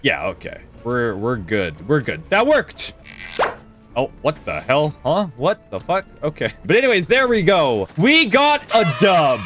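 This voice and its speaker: A man's voice: sits high, very animated, a little slow, fairly bright tone, soft background music. A man streaming a speedrun, giving loose live gameplay commentary, swearing freely and talking to his chat.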